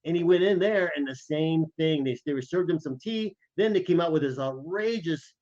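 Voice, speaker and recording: Podcast co-host, a man with a slightly high voice, lively anecdotal storyteller, muffled lo-fi sound. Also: moderate pace. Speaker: podcast co-host, former intelligence officer. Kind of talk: casual chat.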